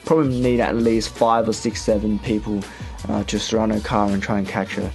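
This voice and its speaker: A young man from Australia with an Australian accent, hosting a radio show in a chatty, relaxed way with many fillers. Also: on the low side, fairly quick, faint music behind. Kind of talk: casual radio chat.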